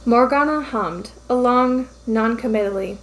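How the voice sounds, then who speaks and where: A woman reads fan fiction aloud as narrator. She speaks in a fairly high voice with an even, steady storytelling delivery. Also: unhurried.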